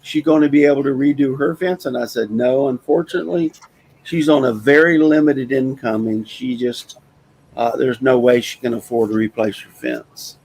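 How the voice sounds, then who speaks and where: On a casual talk show with poor audio, the host, a man in his sixties, tells a folksy, meandering story in a plainspoken way. His creaky, gravelly voice is a little mellow, at an ordinary pitch and normal speed.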